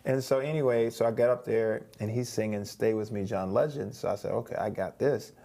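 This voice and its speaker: Gravelly man telling a long story. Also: on the low side, brisk. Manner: animated storyteller, acts out quoted voices, many restarts. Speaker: interview guest. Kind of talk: storytelling in a casual interview.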